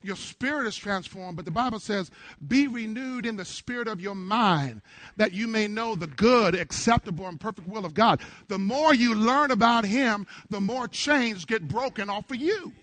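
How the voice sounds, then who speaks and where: A middle-aged male pastor preaching a sermon to his congregation in church, with call-and-response that swells into shouts. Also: high voice, normal speed, no room sound.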